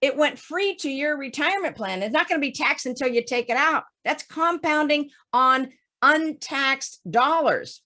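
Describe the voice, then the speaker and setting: A woman financial advisor giving a webinar talk, explaining investing with lively stories and everyday examples. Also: high-pitched, moderate pace. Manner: animated storytelling with folksy examples.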